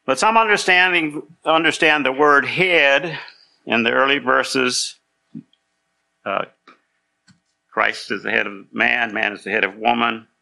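A male pastor with a heavily gravelly, rough voice that carries a tense, sharp edge. He explains his points in a patient, conversational way. He pauses now and then to make sure the congregation is following. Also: medium pitch. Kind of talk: conversational sermon.

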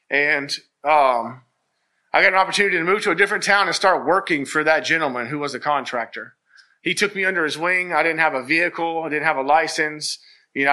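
Casting man, personal church testimony, slightly high, very bright and forceful, earnest and rambling. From Virginia, US. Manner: earnest, rambling storytelling with many restarts. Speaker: church member giving testimony.

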